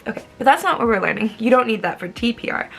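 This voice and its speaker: A woman's voice: fairly high pitch, fast, creaky, faint music behind. Bubbly young woman teaching English. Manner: bubbly, animated, acts out words. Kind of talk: casual teaching vlog.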